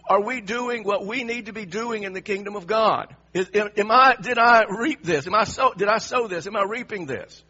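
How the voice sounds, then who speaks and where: A man preaching a sermon, emphatic and animated, repeatedly asking the audience pointed questions. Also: high-pitched, moderate pace, hardly any pauses, lo-fi sound.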